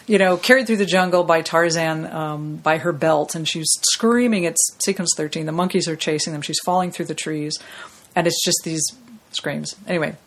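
Lively storytelling woman, lowish voice. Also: moderate pace. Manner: lively anecdotal, acts out quoted people in shifting voices. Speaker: voice actress guest. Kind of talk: casual storytelling interview.

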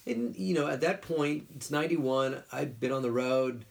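A middle-aged man, a voice actor, telling career stories in a relaxed interview and slipping into quick character voices. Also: medium pitch, creaky. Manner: animated storyteller who slips into quick character voices. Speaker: guest voice actor. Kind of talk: casual interview storytelling.

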